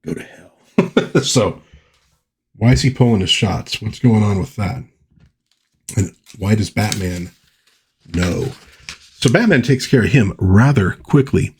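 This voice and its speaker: A man's voice: fairly low pitch, a little slow, long pauses, slightly rough. A man chatting casually through a comic book review, rambling and correcting himself as he goes.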